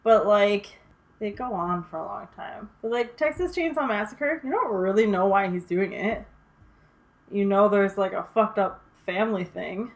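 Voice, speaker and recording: A young woman in casual chat about horror films, animated, swearing freely and using lots of fillers. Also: mid-range voice, moderate pace.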